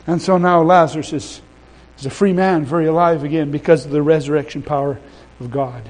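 A fairly high-pitched man preaches at a fairly quick clip, driving his points home by repeating phrases. His volume rises and falls between loud and soft, he addresses the congregation conversationally, and the recording is of low quality.

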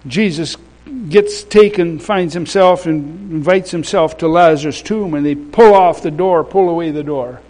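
A man preaching a sermon, emphatic and repeating his phrases, swinging between loud passages and soft ones, with conversational asides to the congregation. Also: on the high side, measured pace, hardly any pauses, rough recording.

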